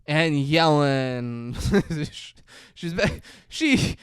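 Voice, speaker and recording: A young man co-hosting a casual movie-review podcast, excitable and profane, recorded on a close mic. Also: on the high side, drawn-out words, clean tone, no echo. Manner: excitable, profane, swings into voices. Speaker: podcast co-host.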